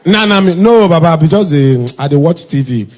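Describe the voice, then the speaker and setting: Husky Nigerian Pidgin comedian storyteller. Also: male voice, expressive, fairly quick, some chatter behind. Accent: Nigerian Pidgin English. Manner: switches into high shouted quoted voices. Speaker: stand-up comedian. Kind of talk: comic storytelling monologue.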